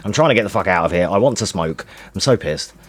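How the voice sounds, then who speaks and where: A man giving frustrated, swear-heavy live commentary while speedrunning a game, muttering to himself and shouting at the game. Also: deep voice, lively intonation, fast, dry recording, faint music behind. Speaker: speedrunner streaming.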